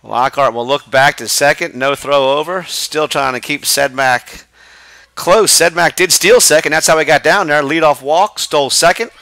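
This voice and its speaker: A man calling a high school baseball game play by play from the press box, brisk and chatty. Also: sharp tone, dry recording. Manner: brisk, chatty, laughs with partner. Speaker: play-by-play announcer. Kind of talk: live baseball play-by-play commentary.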